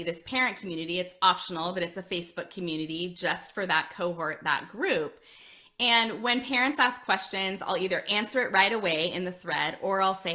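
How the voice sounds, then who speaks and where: A woman in her forties, an admissions coach, giving chatty, animated advice to parents. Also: medium pitch. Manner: chatty, animated, addresses listeners as friends.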